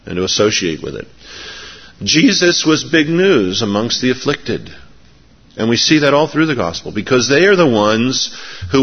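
Male preacher mid-sermon, lively storytelling, recorded dull and muffled in a long-echo hall. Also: medium pitch. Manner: acts out biblical characters in lively raised voices.

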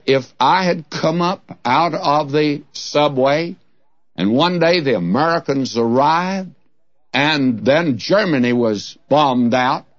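A man preaching a Bible-teaching sermon in a folksy, humorous storytelling manner. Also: fairly high pitch. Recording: dull, dry lo-fi recording.

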